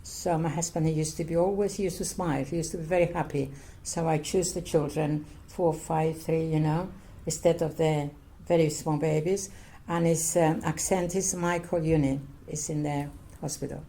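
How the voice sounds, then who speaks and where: An older woman from Cyprus, Greek her first language, telling her life story in an oral history interview in halting, repetitive English. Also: sits low, steady tone, mellow. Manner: halting, repetitive non-native English, earnest.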